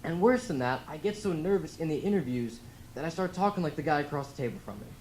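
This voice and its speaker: A teenage boy performing a stand-up comedy set in a comedy club, telling stories in a deadpan way on a handheld mic. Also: a little high, quick pace, a crowd in the background, low-quality recording. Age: teens.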